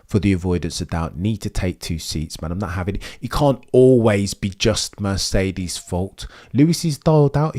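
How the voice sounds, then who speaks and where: A man commenting on motor racing news in an animated, emphatic rant, speaking directly to his chat. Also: mid-range voice.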